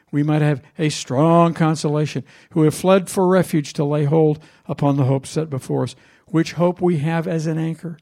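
Pastor guy preaching, gravelly voice, a bit high for a man, chatty storytelling. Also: a little mellow. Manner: conversational storytelling preacher, asks the congregation questions. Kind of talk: sermon.

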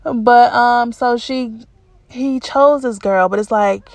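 Woman storyteller, gravelly low fry, unhurried delivery, candid casual chat with emotional repetitions. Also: no room sound. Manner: colloquial, says y'all.

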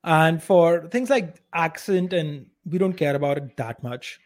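A slightly high-pitched man with an Indian accent speaks at an unhurried pace while co-hosting a casual podcast. He's blunt and strongly opinionated, and his volume rises and falls unevenly.

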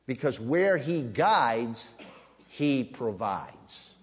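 A man preaching a sermon with emphasis, rising to loud high peaks and dropping to quiet low asides. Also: sing-song, extremely slow. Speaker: pastor. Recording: long reverb of a large hall.

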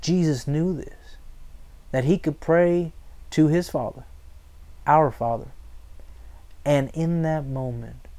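A man preaching a sermon, emphatic and asking the congregation call-and-response questions. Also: on the high side. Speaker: pastor.

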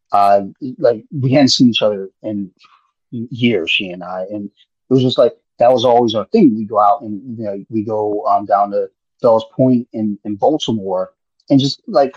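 A man's voice: fairly low pitch, darkish tone, husky, no echo. A man in laid-back, rambling casual chat on a podcast, swearing freely. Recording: muffled lo-fi audio.

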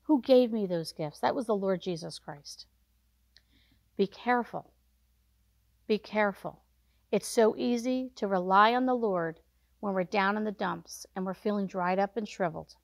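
A woman's voice: mid-range voice, moderate pace, creaky, no echo. A woman hosting a devotional podcast, speaking earnestly and urging listeners with repeated short commands. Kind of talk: devotional talk.

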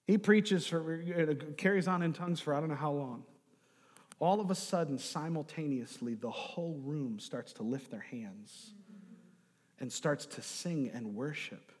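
A man preaching a sermon, telling a story and moving between quiet, hushed asides and loud, emphatic bursts. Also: fairly high pitch, husky. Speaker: pastor. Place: church sanctuary. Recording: long reverb of a large hall.

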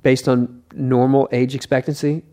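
A male author speaking as a guest in an easygoing interview. He tells stories earnestly, with a mid-range voice and an unhurried, thoughtful delivery. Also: mid-range voice, little pitch movement, dark tone. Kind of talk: casual interview chat.

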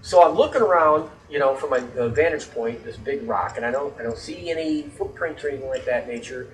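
A man's voice: mid-range voice, fairly quick, reverberant, recorded from a distance, rough recording. Profane rambling man telling a story. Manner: profane, rambling, animated when annoyed. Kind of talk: casual storytelling on a podcast.

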